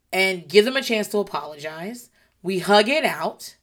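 A mother talking casually about parenting, blunt and animated, with plenty of swearing. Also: medium pitch, moderate pace.

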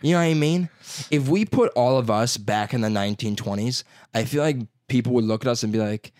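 A man's voice: medium pitch, fairly quick, darkish tone, no echo, clean studio sound. A man with a Chicago accent telling rambling, profane stories in casual chat, laughing often.

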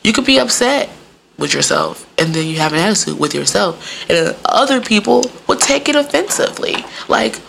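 A woman telling frank, profane stories in casual chat, full of fillers and sudden jumps in pitch. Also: lively intonation, a little fast, gravelly, a bit bright, a little hiss or hum. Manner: frank and profane, many fillers like "like" and "you know". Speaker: podcast guest or co-host.

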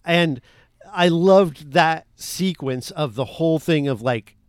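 A man chatting casually about a film, rambling and full of fillers. His voice sits a little high and sounds dry and close, with no room behind it. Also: takes it slowly, no room sound. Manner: rambling, enthusiastic, many fillers. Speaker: podcast co-host.

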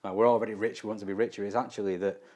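Lowish guy, barrister chatting on a podcast, keeps repeating himself. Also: flat delivery, very fast, a little mellow. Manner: stumbling repetitions, frequent "you know what I mean". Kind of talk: casual chat.

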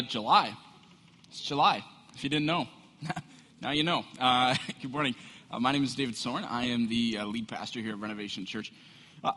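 Middle-aged male pastor, sermon delivery, husky, long hall echo. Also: mid-range voice. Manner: storytelling, animated, acts out voices with laughs. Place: church sanctuary.

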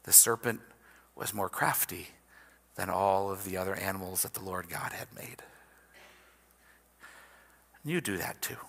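A man preaching a sermon in an animated, conversational way, often checking in with his listeners. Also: low-pitched, unhurried, gravelly, pauses often, long reverb tail. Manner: animated, conversational, asks the audience "right?". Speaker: pastor.

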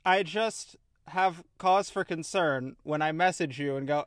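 Host, man from the midwest, bright and fairly high voice, dry close sound. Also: no room sound. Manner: quick, joking, sweary riffing. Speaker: podcast host. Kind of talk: casual podcast banter.

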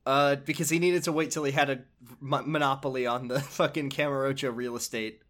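A man's voice: mid-range voice, fairly even intonation, a little fast, fairly bright tone. A man recapping a video game on a podcast. He rambles and swears, and his talk is full of hesitations and restarts. His voice sits in an ordinary middle register.

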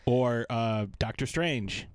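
A man's voice: mid-range voice, slow, clean tone, no echo. Rambling man chatting on a podcast. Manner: rambling, searching for words. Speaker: podcast co-host. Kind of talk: casual chat.

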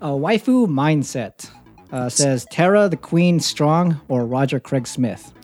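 A woman's voice: deep voice, lively intonation, slow pace, darkish tone, faint music behind. A woman hosting a casual gaming podcast, reading listener replies aloud and laughing often. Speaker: podcast host.

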